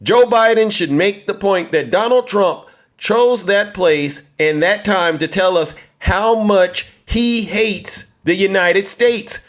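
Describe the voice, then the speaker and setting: A man's voice: high-pitched, takes it slowly. Emphatic man delivering political commentary. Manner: emphatic, rhetorical, rallying the audience.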